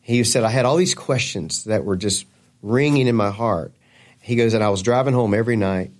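Guy, low voice, telling a story in an interview, does the voices of folks he quotes. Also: steady tone, brisk. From Kentucky. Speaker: gospel singer guest.

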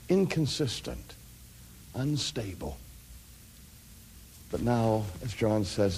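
A middle-aged man preaching a sermon, dropping to hushed near-whispers and rising to loud, ringing peaks. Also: on the low side, slight background noise.

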